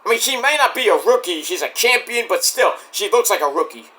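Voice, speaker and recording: A man giving a casual solo review of a wrestling show, excitable and profane, breaking into rants. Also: high-pitched, fairly quick.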